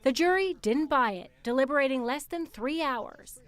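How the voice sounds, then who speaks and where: High-voiced woman news correspondent. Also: animated, moderate pace. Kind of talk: scripted news report.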